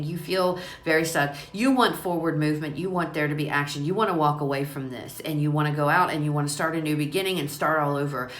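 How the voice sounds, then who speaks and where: Low-voiced woman giving a chatty tarot reading. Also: echoey room. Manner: chatty, repetitive, emphatic, addresses listeners directly. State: watery eyes and runny nose. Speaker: tarot reader. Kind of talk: casual tarot reading to camera. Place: small room at home.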